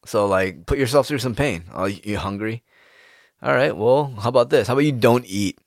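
A young man talking casually and rambling, with plenty of swearing. His voice sits at a middle pitch but jumps up sharply when he gets worked up. The sound is close and dry. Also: a little fast, dry recording. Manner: animated, profane, rambling with sudden pitch jumps. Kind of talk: casual monologue.

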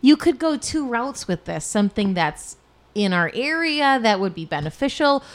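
Enthusiastic woman chatting casually. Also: mid-range voice. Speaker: podcast co-host. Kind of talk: casual chat.

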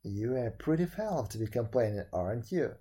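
A man's voice: medium pitch, animated, brisk, warm tone, husky, pitched below the performer's own voice. A man doing a teasing, scolding fairy elder.

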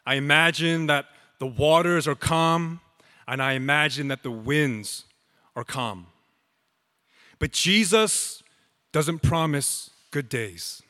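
Pastor, male, slow emphatic sermon delivery, bright tense tone, reverberant hall. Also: fairly high pitch. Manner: slow, emphatic preaching with dramatic pauses.

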